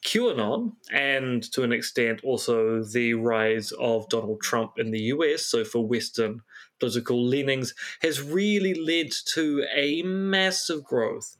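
A man's voice: medium pitch, measured pace, a bit bright. A man co-hosting a podcast in casual chat, making dry, wry asides. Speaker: podcast co-host.

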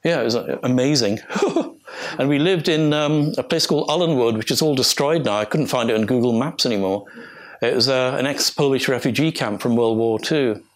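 An older man from England talks an audience through old slides in a lecture room, with a voice of ordinary middle pitch. He rambles in a friendly way and trails off into asides, stopping often on ums and half-finished words before he picks the thread back up. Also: a little fast. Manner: chatty and digressive, with many ums and restarts. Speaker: archaeologist giving a talk. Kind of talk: informal illustrated lecture.

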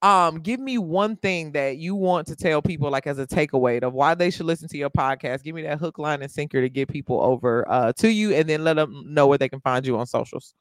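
Man, podcast host, casual chat, blunt and cussing, higher pitch, dry recording. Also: fairly quick, hardly any pauses, dry recording. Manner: blunt, swears, laughs a lot. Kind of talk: casual conversation.

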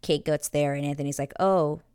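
A woman's voice: deep voice, animated, normal speed, darkish tone, no echo, clean studio sound. A woman casually recapping a TV episode in a chatty, gushing way, full of fillers. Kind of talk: casual chat.

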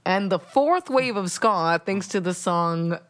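A woman's voice: fairly low pitch, lively intonation, slow pace, smooth. A woman hosting a comedy podcast, rambling and sarcastic, often breaking into giggles. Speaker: podcast host.

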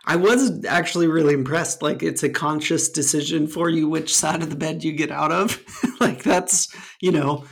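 A man's voice: a little high, steady tone, moderate pace, vocal fry, breathy edge. A man co-hosting a podcast in casual chat, joking and laughing often. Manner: laughs often, jokey and loose. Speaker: podcast co-host.

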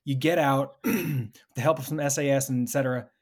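Give me a man hosting a casual podcast, a little husky, asking easy follow-up questions. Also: mid-range voice, brisk. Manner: relaxed, prompting questions. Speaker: podcast host. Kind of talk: casual interview.

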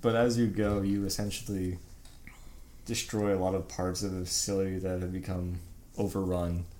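A man with a fairly low voice talks games in a loose, unhurried way. He pauses and restarts his thoughts mid-sentence and lets the occasional curse slip out. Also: a little hiss or hum. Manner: relaxed, halting, profane. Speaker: podcast co-host. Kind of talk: casual gaming chat.

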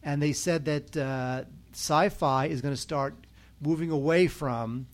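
A man hosting a podcast, chatting casually and quickly about new movie releases. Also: a little high. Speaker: podcast host. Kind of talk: casual chat reviewing movies.

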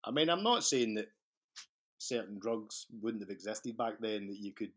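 A man's voice: fairly low pitch, expressive, moderate pace, fairly bright tone. A man with a Scottish accent, a podcast guest telling long stories in casual chat, swearing freely and laughing as he goes. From Scotland.

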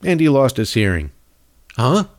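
A man's voice: medium pitch, sing-song, moderate pace. A man hosting a show, ranting sarcastically about politics, his voice stuffed up with a cold. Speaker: podcast host. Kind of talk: political commentary rant.

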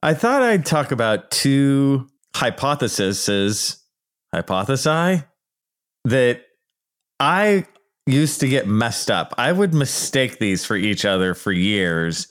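Animated, playful male podcast host. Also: slow pace. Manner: playful, self-mocking, jumps into high mock voices. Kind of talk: solo comedic podcast monologue.

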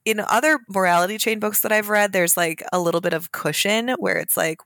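A woman's voice: mid-range voice, brisk, hardly any pauses, a bit bright, no echo. A woman co-hosting a romance book podcast, talking casually and frankly as she explains plot points. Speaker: podcast co-host.

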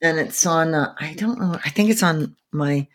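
A woman with a raspy, soulful voice, chatting casually as a guest singer and telling stories in an animated way with quick restarts. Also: deep voice. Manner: animated storyteller, frequent restarts and laughs. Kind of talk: casual interview chat.

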